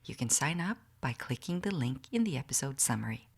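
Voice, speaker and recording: A woman podcast host reading a scripted outro in a soft, measured way. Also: extremely low pitch, sing-song, vocal fry, husky.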